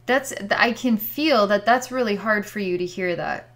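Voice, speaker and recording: A woman's voice: medium pitch, normal speed, a bit bright. Hesitant woman describing psychic visions. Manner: hesitant, searching for words, with sighs. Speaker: psychic healer. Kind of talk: describing visions in a distance healing session.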